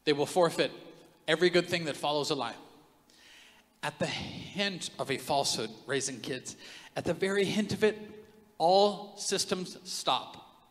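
A man preaching a sermon as pastor of his church, joking and telling stories, with big swings from loud outbursts to hushed asides. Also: fairly high pitch, unhurried, pauses often. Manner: animated, joking storyteller with big swings in loudness. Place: large church hall. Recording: long hall reverb.

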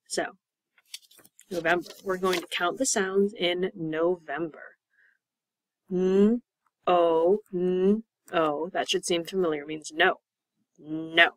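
A woman's voice: on the low side, steady tone, slow pace, dry recording, poor audio. Woman, young adult, patient English teacher, spells out words, dry close recording. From United States. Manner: patient, repeats words and spells them out letter by letter. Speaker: ESL teacher. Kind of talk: slow, clear classroom explanation.

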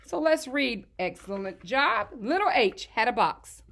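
A woman's voice: fairly high pitch, sing-song, unhurried, gravelly, fairly bright tone. A woman teaching phonics to young children, reading a storybook aloud and praising them in an encouraging, sing-song teacher voice. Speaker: kindergarten teacher.

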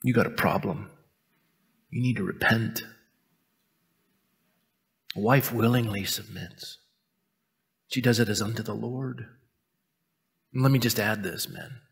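A man preaching a sermon as pastor, mixing jokes at his own expense with earnest teaching, and dropping to a quiet, intense tone for stern points. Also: on the low side, fairly even intonation, moderate pace, vocal fry, pauses often. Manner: joking, self-mocking asides between earnest teaching. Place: church sanctuary. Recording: long reverb of a church hall.

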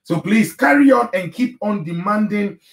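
A man's voice: high-pitched, animated, moderate pace. A male pastor hosting a live marriage broadcast, speaking emphatically and preaching straight to his listeners. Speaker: pastor and marriage show host. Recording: roomy, distant mic.

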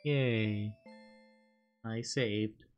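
A man's voice: lowish voice, fairly even intonation, drawn-out words, clean tone, lo-fi sound. A man streaming a game live, chatting and joking to himself as he plays, easily spooked. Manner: chatty, jokey reactions to a horror game, prone to startled yelps. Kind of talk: live gameplay commentary. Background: game music.

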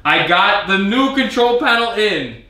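Animated man in an echoey room. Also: high voice, a little slow. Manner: animated, exasperated retelling with quoted exchanges. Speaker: video host reviewing an arcade cabinet. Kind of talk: casual vlog storytelling. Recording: echoey room, mic at a distance.

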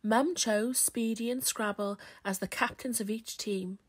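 A woman reading a children's picture book aloud, slow and expressive. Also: fairly high pitch. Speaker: children's storyteller.

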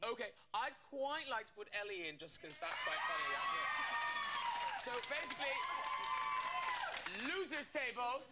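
A man's voice: very high-pitched, big pitch swings, normal speed, long pauses, a loud crowd. A man hosting a TV chat show, teasing guests with cheeky asides in front of a studio audience. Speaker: talk show host. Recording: loud studio audience laughter and noise.

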